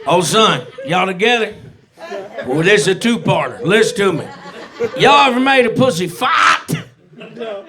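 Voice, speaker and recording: A man's voice: high-pitched, expressive, a little slow, pauses often, a crowd in the background. A brash man doing a rowdy stand-up comedy set on a club stage. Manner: brash, rowdy, shouting punchlines. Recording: live club set with audience. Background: audience laughter and reactions.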